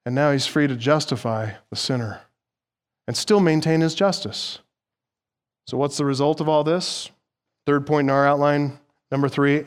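A middle-aged male pastor delivering an expository sermon, his voice sitting a little higher than most men's. He leans into key phrases, swinging between hushed asides and loud, emphatic peaks.

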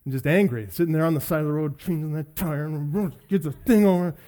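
A middle-aged man preaching a sermon in a voice that sits a little high for a man. He poses earnest questions to his listeners and slips in personal stories told with a self-deprecating humor. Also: fairly quick, warm tone. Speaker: pastor.

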